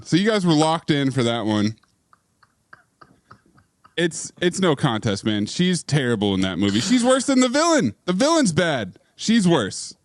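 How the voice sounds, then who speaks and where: A man with a slightly raised, very lively voice, co-hosting a casual movie podcast. He keeps riffing on the jokes in an animated way. The recording is close and dry. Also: fairly high pitch, no room sound. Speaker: podcast co-host.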